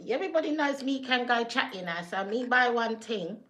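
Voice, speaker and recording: A woman's voice: fairly high pitch, a little fast, hardly any pauses. A young woman, hosting her own vlog, talking casually with laughs and asides to the viewers. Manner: chatty, lively, laughs and asides. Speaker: vlog host.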